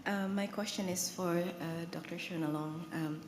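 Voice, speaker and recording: A young woman from Indonesia politely asking the panel a question, quick with some hesitations. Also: fairly low pitch, steady tone. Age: young adult. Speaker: audience questioner. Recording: reverberant hall with faint noise.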